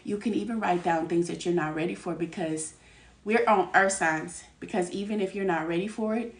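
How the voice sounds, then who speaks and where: A woman giving a live tarot reading. She talks in a candid, lively way, laughs often and uses streetwise slang. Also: fairly low pitch, moderate pace, recorded from a distance. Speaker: tarot reader. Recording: echoey room, voice a bit off-mic.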